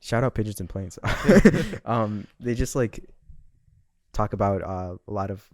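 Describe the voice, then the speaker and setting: A young man with a lowish voice, chatting as a podcast guest. He rambles loosely with many fillers. The sound is dry and close to the mic. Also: animated, a little slow, darkish tone, no room sound. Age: young adult. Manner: rambling, filler-heavy storytelling. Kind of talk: casual chat.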